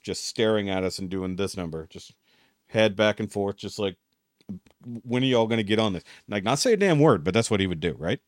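This young male podcast co-host tells a story in loose, profane chat, swearing freely and acting out the voices he quotes. His voice sits on the low side, and the recording is dry and studio quality.

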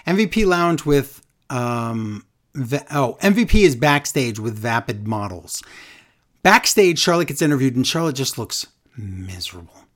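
Animated woman recapping wrestling. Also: a bass voice. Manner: animated, incredulous, does quick impressions. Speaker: podcast co-host. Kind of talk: casual wrestling recap chat.

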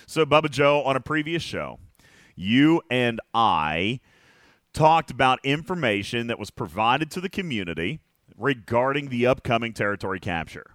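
Male podcast host, middle-aged, low register, dry sound, talkative and quick to laugh. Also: a bit bright, dry recording. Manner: chatty, laughs often, drawn-out emphasis. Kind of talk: casual chat.

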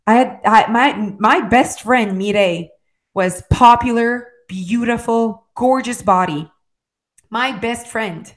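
A woman's voice: on the high side, takes it slowly. Earnest woman coaching with direct check-ins. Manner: heartfelt and rambling, with restarts. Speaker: motivational speaker on weight and wellness. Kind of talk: earnest motivational monologue.

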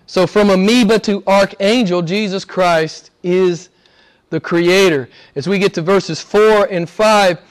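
A man's voice: sits high, unhurried. A middle-aged male pastor preaching a sermon, delivering emphatic lists and reading scripture aloud.

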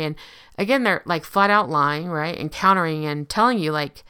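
A woman's voice: deep voice, moderate pace, bright, forceful tone, clear, resonant tone. A woman giving a casual explanatory talk, conversational and often checking in with the listener. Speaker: speaker on relationship abuse.

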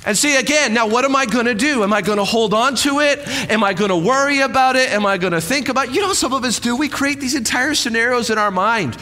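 A man pastor preaching a sermon on stage, energetic and conversational, acting out a demonstration with helpers. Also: extremely high pitch, fast, hardly any pauses. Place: church stage with long reverb. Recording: reverberant church hall.

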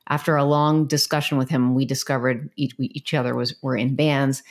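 Woman, very low pitch, bubbly, gushing, casual podcast chat, fillers. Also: flat delivery, fairly quick. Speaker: podcast co-host.

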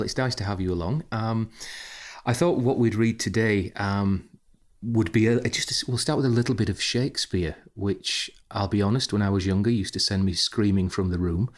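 A man leading a reading group in a friendly, hesitant way with many ums. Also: lowish voice. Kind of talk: casual group facilitation.

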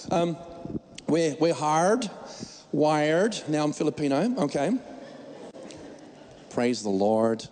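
A man's voice: on the high side, takes it slowly, pauses often, darkish tone, long reverb tail, a little hiss or hum. A man preaching a sermon as pastor, emphatic and joking, often restarting his words.

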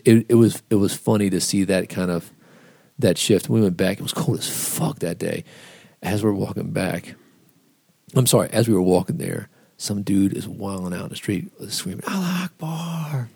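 A man's voice: sits low, normal speed, creaky, mellow, husky, no echo. A man co-hosting a casual podcast, telling rambling stories and swearing freely. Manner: rambling, swears a lot, acts out quotes. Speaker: podcast co-host. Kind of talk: casual profane storytelling.

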